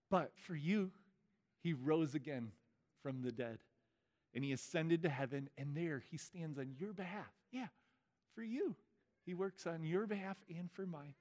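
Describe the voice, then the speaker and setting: A man as pastor, leading a baptism liturgy with relaxed, informal asides between the formal vows. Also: on the high side, a little slow. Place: church sanctuary. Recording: reverberant church hall.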